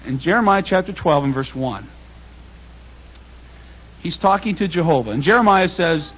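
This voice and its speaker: A man giving a talk to a congregation, animated and conversational, retelling scripture in everyday speech. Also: fairly high pitch, moderate pace, long pauses, husky. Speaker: public speaker. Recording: dull lo-fi recording.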